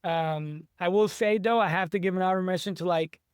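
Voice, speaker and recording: High smooth-voiced guy, author in a chill interview, rambling and restarting a lot, dry sound. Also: fast talker, no room sound. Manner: eager, rambling, many restarts. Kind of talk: casual interview chat.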